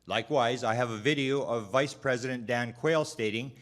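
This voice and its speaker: A man delivering prepared testimony at a hearing. His reading is measured and formal. He trips over a word now and then and starts it again. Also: medium pitch, a bit bright.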